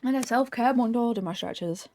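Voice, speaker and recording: A young adult woman streamer in casual chat, animated, swearing freely and laughing often. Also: a little high, normal speed, a little hiss or hum.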